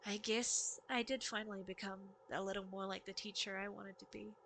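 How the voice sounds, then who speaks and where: A woman voicing a gentle young woman teacher who is dying, reading her lines softly and slowly. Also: mid-range voice, level tone, gravelly, a little hiss or hum, pitched below the performer's own voice. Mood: tender. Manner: soft, slow, hushed reading.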